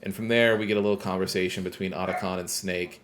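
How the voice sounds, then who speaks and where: A man's voice: sits low, fairly even intonation, fast talker, fairly bright tone. A man co-hosting a podcast, casually recapping a video game's ending and talking in a rambling way with self-corrections. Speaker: podcast co-host.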